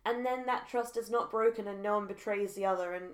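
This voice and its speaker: Woman, podcast co-host, chatty, medium pitch, echoey room. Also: a little fast, a loud crowd. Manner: chatty, recaps plot with fillers. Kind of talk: casual chat.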